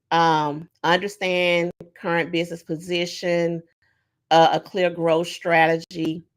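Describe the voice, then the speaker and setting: A woman's voice: lowish voice, vocal fry. A woman presenting a casual online workshop, talking conversationally with many fillers and acting out sample prompts. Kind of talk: casual webinar teaching.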